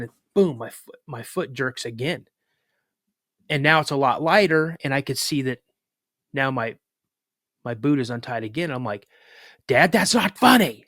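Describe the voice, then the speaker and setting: A man's voice: medium pitch, fairly bright tone, no echo, clean studio sound. A man in casual conversation, animatedly retelling a personal story with frequent restarts. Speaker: podcast guest, cryptid researcher.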